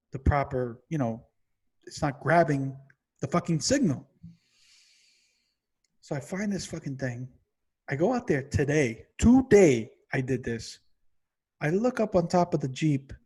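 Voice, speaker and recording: A man with a slightly high, husky voice rants on a casual podcast. He swears constantly and gets more and more exasperated until he is yelling. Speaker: podcast co-host. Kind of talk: profane comedic rant.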